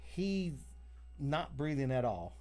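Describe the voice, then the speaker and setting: A man telling a story on a casual podcast, animated and profane, acting out the voices of the people in it. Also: a little high, slow pace.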